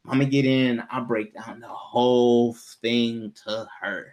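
A man telling a personal story in casual podcast chat, animated, laughing often and jumping high when quoting himself. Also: a little slow.

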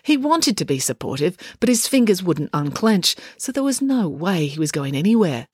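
A woman reading a children's adventure story aloud, lively and expressive. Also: on the low side, moderate pace, slightly rough, no echo, clean studio sound. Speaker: audiobook reader. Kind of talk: scripted storybook narration.

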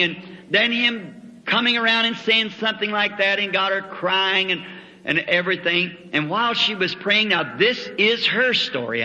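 A man's voice: high voice, bright, forceful tone. A man preaching a sermon, telling a testimony in a folksy storytelling way with rural grammar. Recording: old lo-fi hall recording with long reverb.

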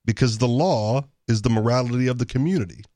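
A man co-hosting a casual talk radio show, trading quick remarks. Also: mid-range voice, mellow, no room sound. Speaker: radio co-host. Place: radio studio.

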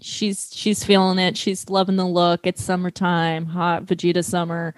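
A woman's voice: on the low side, little pitch movement, no room sound. A woman co-hosting a casual comedy podcast, recapping an anime with sarcasm and casual swearing. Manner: sarcastic, swears casually, does quick character voices.

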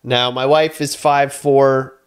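A man in his thirties, a podcast co-host, telling an animated story in casual chat, swearing and acting out his own yelling. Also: medium pitch, slow, clean tone.

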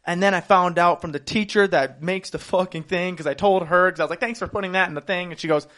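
A young man co-hosting a podcast, telling stories loudly and with animation, jumping between shouts and mutters. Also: high voice, fast talker. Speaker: podcast co-host. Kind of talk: casual podcast banter.

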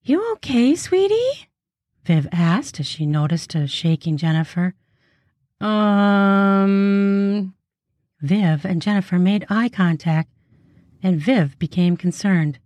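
Slow-reading woman narrator, low and mellow. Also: dry recording. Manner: slow, unhurried, soft delivery. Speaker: podcast narrator. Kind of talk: erotic audiobook reading.

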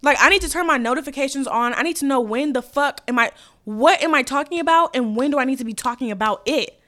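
A young woman hosting a podcast, ranting in a blunt, profane, sassy casual chat that swings between loud and quiet. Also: sits high, fast. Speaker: podcast host.

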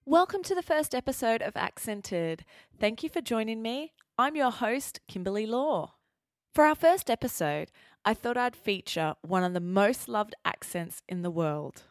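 A woman hosting an educational podcast, reading a scripted lesson in a clear, measured teaching manner. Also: on the high side, lively intonation, no room sound, clean studio sound. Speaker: podcast host.

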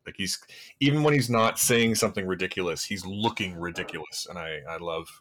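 Male co-host, lower voice, loose and meandering film chatter. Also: brisk, a bit bright, a little hiss or hum. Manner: rambling, filler-heavy, amused. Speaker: podcast co-host. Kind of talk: casual movie review chat.

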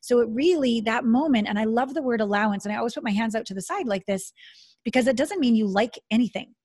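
A woman's voice: fairly high pitch, fast, darkish tone. A woman hosting a casual conversation, talking with enthusiasm and acting out inner voices.

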